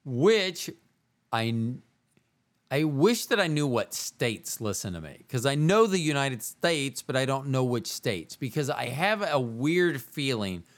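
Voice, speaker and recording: A man hosts his own show solo and talks casually in a loose, rambling way. His pitch swings widely as he jokes at his own expense. He drifts from one aside to another. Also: big pitch swings, unhurried. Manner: rambling, self-mocking, jumps between voices. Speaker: podcast host. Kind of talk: casual solo podcast monologue.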